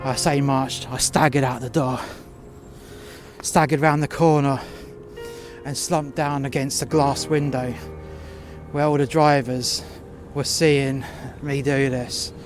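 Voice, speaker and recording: A man telling a first-person story outdoors in the cold, halting with fillers and breaking into profane outbursts. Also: mid-range voice, flat delivery, music in the background.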